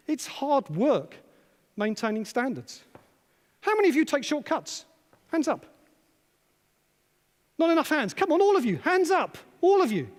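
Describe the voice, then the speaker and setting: A man delivers a conference keynote in a hall with a long, ringing reverb. His voice sits high for a man, and he challenges the crowd with rhetorical questions. He repeats his key phrases for emphasis. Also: a little mellow. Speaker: conference speaker, psychologist.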